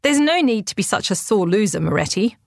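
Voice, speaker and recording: A woman's voice: mid-range voice, big pitch swings, a little fast, gravelly, no echo, clean studio sound. A woman voicing an eager, confident young girl training as a spy, exclaiming and arguing her case. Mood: argumentative.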